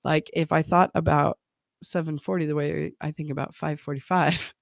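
A woman's voice: low-pitched, steady tone, moderate pace, creaky, no room sound, studio quality. A woman parenting coach talking casually, laughing often and checking in with her listeners. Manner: chatty, laughs often, keeps checking in with "okay?" and "right?".

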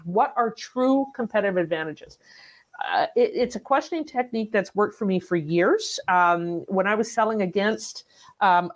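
Animated woman sales coach telling stories. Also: medium pitch. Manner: animated storyteller, acts out sales dialogue. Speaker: sales coach, podcast guest. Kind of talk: conversational interview.

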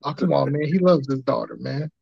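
Gravelly laid-back podcast host guy. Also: mid-range voice, brisk, no room sound. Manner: laid-back slangy banter. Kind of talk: casual chat. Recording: dull lo-fi sound.

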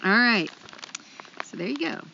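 Chatty woman podcast host, bright tone. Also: on the high side, lively intonation, measured pace, creaky, dull audio, a little hiss or hum. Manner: self-deprecating, chatty, lots of ums. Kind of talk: casual podcast chat.

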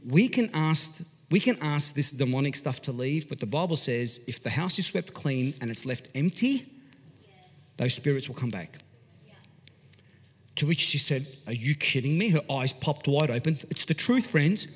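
An Australian pastor telling a story in an animated, conversational sermon, swinging from loud to hushed. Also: male voice, on the high side, moderate pace, husky. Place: large church hall. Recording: long hall reverb.

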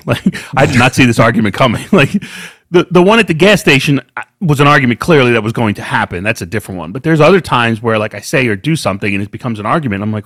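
A man chats casually as a podcast co-host, telling animated stories with plenty of swearing. His voice sits at an ordinary pitch for a man. The recording is dry and close. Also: fast, dry recording. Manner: profane, animated storyteller. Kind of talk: casual chat.

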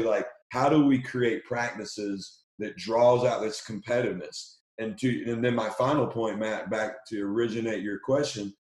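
A man, a basketball coach, talking with excitement as a podcast guest, often repeating himself as he speaks. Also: mid-range voice, roomy sound. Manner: energetic, talks fast and excitedly, repeats words. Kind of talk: podcast conversation.

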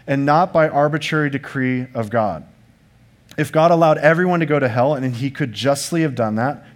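Man preaching an earnest sermon. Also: medium pitch. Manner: earnest, emphatic preaching with rhetorical questions; restarts and fillers, conversational asides to the congregation. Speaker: pastor.

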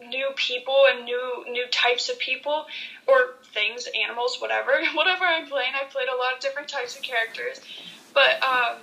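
Bright earnest young woman actress. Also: sits high, poor audio. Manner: earnest, enthusiastic, many "like" fillers. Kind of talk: podcast interview.

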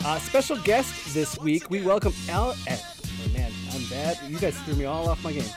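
Male podcast host, slightly high, playful sing-song delivery, on a call with music behind. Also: lively intonation, moderate pace. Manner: joking, sing-song, stumbles over names. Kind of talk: casual chat. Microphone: video call.

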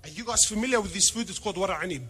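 A man preaching a sermon, animated and joking, firing rhetorical questions and mixing in Arabic phrases. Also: high voice, racing, breathy edge, soft background music. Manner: peppers speech with Arabic phrases. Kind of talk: sermon to a congregation.

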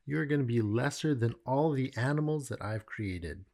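A man's voice: medium pitch, animated, normal speed, gravelly, darkish tone. A man voicing God in a Bible retelling, handing down a stern judgement. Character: God, stern male judge pronouncing sentence.

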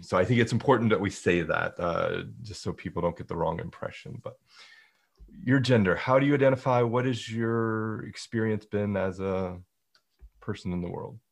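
A man with a very deep voice interviews his guest, framing his questions carefully. He speaks in a considerate, measured way. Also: vocal fry. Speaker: interviewer, podcast host.

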